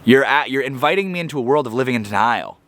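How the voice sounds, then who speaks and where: A man's voice: mid-range voice, expressive, quick pace, fairly bright tone. A man giving a reflective motivational monologue to camera, earnest and searching, often restarting his phrases as he thinks. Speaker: self-help video creator.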